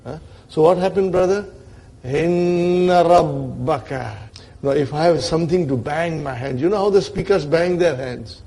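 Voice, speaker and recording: A man's voice: fairly high pitch, brisk, few pauses, warm tone, husky. A man teaching an Arabic grammar lesson to a class, checking in with his students often and acting out the grammar as characters.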